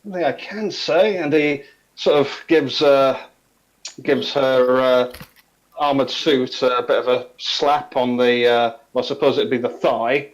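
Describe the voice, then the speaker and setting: A man's voice: medium pitch, little pitch movement, takes it slowly. A man playing a tabletop game, narrating hesitantly with many fillers. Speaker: player. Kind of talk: casual tabletop role-play. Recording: slightly dull, lo-fi mic.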